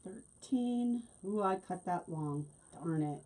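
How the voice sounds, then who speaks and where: A woman's voice: on the low side, animated, slow pace, mellow, slight background noise. A middle-aged woman hosting a casual craft tutorial, chatting and laughing as she works. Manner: chatty, laughs often, talks while working. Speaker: wreath-making host.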